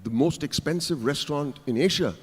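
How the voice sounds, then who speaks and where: A man's voice: a little high, a little fast, pitched below the performer's own voice. A man voicing a curt older hotel interviewer who scolds a nervous applicant. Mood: stern. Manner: gruff, scolding. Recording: reverberant conference hall.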